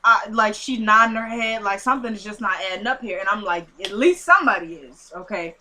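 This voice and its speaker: A bright-voiced woman recaps a TV episode in casual chat. She talks animatedly, slips into the characters' lines and exclaims over the twists. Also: mid-range voice, a little fast, slight background noise. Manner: animated, acts out quotes, exclaims. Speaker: TV show recapper.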